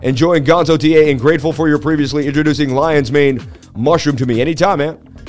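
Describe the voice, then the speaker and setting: A man hosting a live crypto chart stream, firing off excited shout-outs to his viewers and joking as he reads the chat. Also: a little high, soft background music. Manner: hyped, rapid shout-outs, jokey. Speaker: crypto livestream host.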